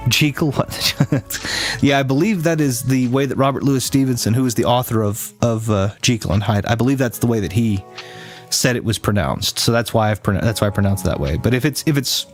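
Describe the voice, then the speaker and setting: Give me a man rambling on a live stream, mid pitch, with faint background music. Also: fairly quick. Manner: rambling, many restarts and fillers; chatty, teasing chat. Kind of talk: casual live-stream chat.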